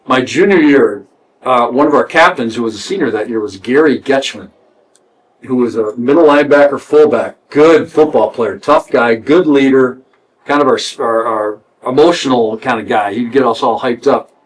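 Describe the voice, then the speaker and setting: A middle-aged former player in casual storytelling, lively and animated. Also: male voice, mid-range voice, moderate pace, low-quality recording.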